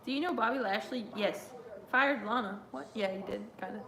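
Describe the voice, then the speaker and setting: A woman's voice: fairly high pitch, fairly quick, a crowd in the background. Young woman doing a chatty watch-along stream, laughs a lot, reads chat out, kinda roomy echo. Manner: chatty, giggly, reads viewer chat aloud. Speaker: live stream host. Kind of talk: casual watch-along commentary.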